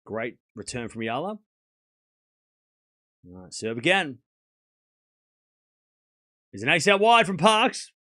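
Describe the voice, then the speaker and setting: A man's voice: on the high side, very animated, slow, pauses often, sharp tone. A man hosting a live tennis watchalong stream, calling points in chatty play-by-play, thanking donors and laughing often. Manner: chatty play-by-play, reads out donations.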